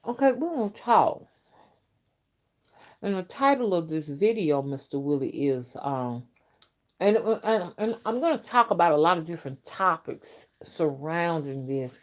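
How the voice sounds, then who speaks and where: A woman with a somewhat low voice hosts a loose late-night livestream. She talks in a chatty, emphatic way while chewing gum. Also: very animated, unhurried. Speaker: host of a spiritual channel.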